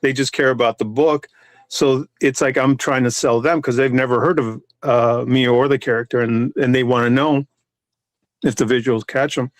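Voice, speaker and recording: A comic artist talking in a casual podcast chat, rambling with many restarts and fillers. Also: male voice, mid-range voice, fairly even intonation, moderate pace, no echo.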